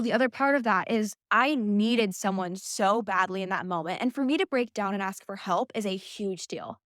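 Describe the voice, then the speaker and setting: A woman's voice: a little high, no room sound, clean studio sound. A young woman vlogging, giving blunt, emphatic motivational talk and swearing freely. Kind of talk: casual motivational talk to camera.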